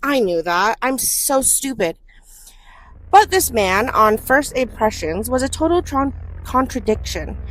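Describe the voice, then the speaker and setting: A woman's voice: a little high, sing-song, a little slow, a bit bright, rough recording. A woman hosting a podcast, reading a story aloud in casual chat and laughing at herself. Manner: self-mocking, laughs often, reads narration aloud. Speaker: podcast host.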